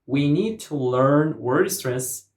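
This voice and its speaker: A man teaching English pronunciation, slowly repeating words and stressing their syllables. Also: on the high side, animated, a little mellow, echoey room. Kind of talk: slow, deliberate pronunciation lesson.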